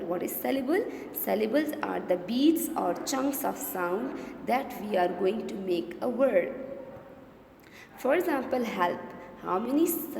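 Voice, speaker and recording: A woman teacher with a Pakistani English accent leads a revision lesson, repeating key words slowly and pausing to check that everyone follows. Her voice has a gravelly edge. The recording is roomy, with a long reverb tail and faint background noise. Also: medium pitch, darkish tone. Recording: echoey room with long reverb.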